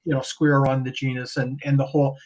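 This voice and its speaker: A man talking as a guest on a podcast, animated and rambling, often restarting his sentences. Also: mid-range voice, fairly quick, rough recording. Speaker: guest breeder. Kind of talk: casual podcast conversation.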